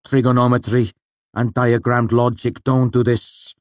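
A man voicing a stern university master who speaks calmly and curtly, at times dismissive. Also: medium pitch, measured pace, dry recording, pitched above the performer's own voice, lightly acted. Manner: calm, curt, dismissive.

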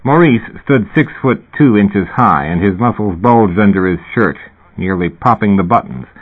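A man reading a novel aloud in measured, dry scripted narration. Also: on the low side, animated, husky. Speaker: audiobook narrator. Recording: tinny phone-like recording.

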